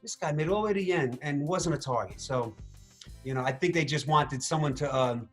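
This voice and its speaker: A man talks through his story in a casual interview, voice a bit higher than most men's. He gets animated, acting out what he said and thought. Faint music plays underneath. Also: fairly quick. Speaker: reality show contestant interviewed.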